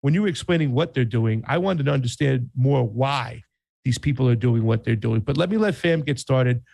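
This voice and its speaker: A man's voice: mid-range voice, a little fast, vocal fry, a little mellow. A man with a New York Italian accent co-hosting a casual political talk show, chatty and playful. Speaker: podcast co-host.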